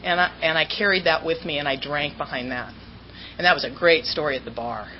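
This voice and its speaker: A woman's voice: low voice, fairly quick, muffled recording, slight background noise. Candid woman telling her recovery story. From Southern California. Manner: candid, self-mocking storytelling with acted-out quotes. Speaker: recovery meeting speaker.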